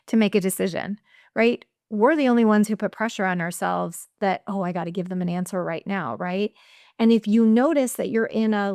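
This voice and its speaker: A woman speaks with a smooth, resonant voice, recorded close and dry. She talks casually as a coach, throwing in "right?" and voicing her own thoughts aloud. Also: mid-range voice, a little mellow, dry recording. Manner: chatty, tags "right?", acts out her inner voice. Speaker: executive coach guest. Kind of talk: casual interview chat.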